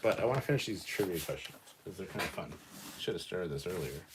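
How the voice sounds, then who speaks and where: A man's voice: low voice, expressive, fast talker, heavy background noise. A man hosting a casual livestream, reading trivia and bantering loosely with chat, swearing and a bit drunk. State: drinking, slightly drunk. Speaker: livestream host.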